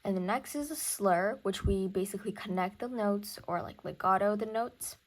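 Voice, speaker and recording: A woman's voice: medium pitch, normal speed. A young woman teaching music theory in a casual recorded lesson, thinking aloud and counting beats.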